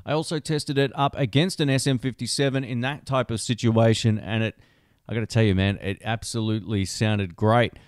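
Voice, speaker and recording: A man's voice: mid-range voice, a little mellow, smooth, no room sound. A man, casually explaining and reviewing a microphone in a home studio, speaking close into a handheld dynamic mic. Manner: chatty, explanatory, conversational asides. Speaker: tech reviewer.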